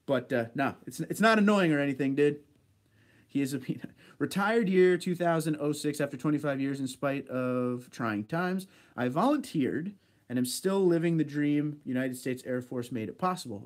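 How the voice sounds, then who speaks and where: Chatty man hosting a livestream, higher voice. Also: a little mellow. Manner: laid-back, chatty, laughs easily. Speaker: livestream host reading chat. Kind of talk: casual chat.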